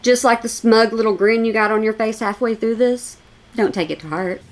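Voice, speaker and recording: A woman's voice: fairly high pitch, steady tone, normal speed. Emphatic, scornful woman commentator. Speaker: commentary YouTuber. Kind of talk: reaction commentary on video clips.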